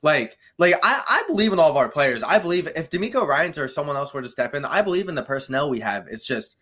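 Lively man in a casual sports chat. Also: fairly high pitch, quick pace. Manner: lively, asks the others, repeats himself to get started. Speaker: podcast co-host.

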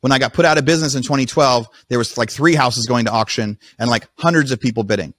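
A man's voice: mid-range voice, fast, a bit bright, dry recording. A man hosting a podcast, telling his own story in a casual, rambling way with frequent restarts. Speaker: podcast host.

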